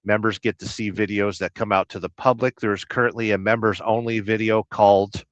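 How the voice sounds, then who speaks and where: Man, American trucker, livestream host, deadpan joking, rambling, dull lo-fi sound. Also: on the low side, brisk, few pauses, no echo. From United States. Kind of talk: casual livestream chat. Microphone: livestream mic. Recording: dry, dull lo-fi stream audio.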